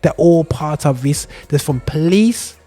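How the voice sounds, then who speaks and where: A man hosting a casual podcast chat, animated and full of street slang, constantly asking "you know what I mean". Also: fairly high pitch, unhurried, faint music behind. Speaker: host.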